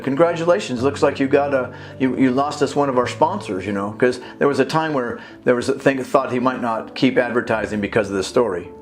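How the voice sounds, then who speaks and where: A man telling a long story in an indignant, rambling way, acting out conversations with many restarts. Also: mid-range voice. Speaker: video blogger and activist. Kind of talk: casual storytelling monologue. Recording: faint guitar music behind.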